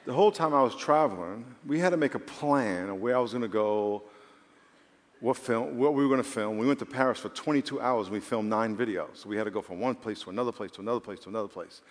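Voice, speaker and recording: A fairly low-pitched man talks fast as he preaches, acting as the church's pastor. His sermon uses stories that escalate into emphatic declarations, recorded in a large church hall with long reverb.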